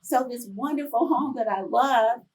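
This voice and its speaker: A woman in her fifties, a professor giving a conference talk, telling chatty, animated personal stories to the audience. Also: fairly high pitch, moderate pace, recorded from a distance, rough recording. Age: 50s. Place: conference room.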